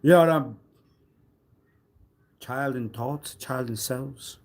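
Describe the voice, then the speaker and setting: A man on a live stream delivering a rambling, accusatory monologue, swinging between loud outbursts and low muttering. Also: very slow, a little hiss or hum. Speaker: livestreamer.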